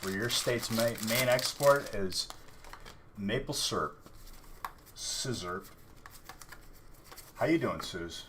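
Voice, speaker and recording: A man's voice: fairly low pitch, expressive, slow, pauses often, background noise. A man hosting a live card-opening stream, chatting casually and teasing his viewers. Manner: joking, teasing chat viewers. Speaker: livestream card breaker.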